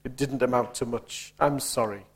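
A man's voice: medium pitch, steady tone, normal speed, pitched below the performer's own voice, natural voice. A man voicing a sad, apologetic male kitchen tap in a story read aloud during a sermon. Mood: sorry. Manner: humble, apologetic.

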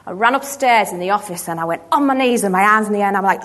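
Woman, 30s, earnest church testimony, halting delivery, mid-range voice. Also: mid-range voice, a bit bright. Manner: earnest, halting, with many restarts. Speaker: church member giving testimony. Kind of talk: personal testimony storytelling.

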